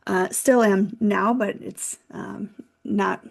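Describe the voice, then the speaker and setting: A woman in her thirties, a financial consultant guest, telling a candid, animated personal story in a casual interview. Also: mid-range voice, takes it slowly, gravelly.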